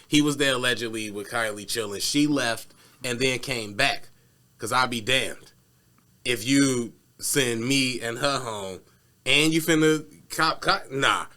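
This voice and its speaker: Bright-voiced man telling a story casually. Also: mid-range voice. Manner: animated storytelling, acts out voices with cursing. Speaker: podcast co-host. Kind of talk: casual chat.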